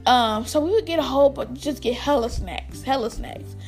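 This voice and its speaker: A woman's voice: high-pitched, moderate pace, darkish tone, soft background music. A young woman chatting to her viewers in a casual storytime vlog, talking to them directly and laughing often. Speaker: vlogger.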